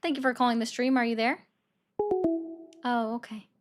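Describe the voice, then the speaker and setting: A woman's voice: on the high side, level tone, normal speed, soft background music. A young woman, hosting a casual live stream, chatting with viewers and taking calls. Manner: chatty, reacts to viewer comments. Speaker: livestream political commentary host.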